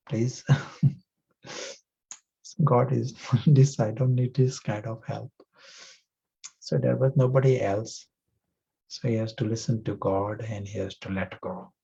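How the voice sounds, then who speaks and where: Slow, husky-voiced male spiritual teacher. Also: mid-range voice. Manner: gentle, reflective, asks the class questions. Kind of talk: spiritual class talk with a parable. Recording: muffled lo-fi recording.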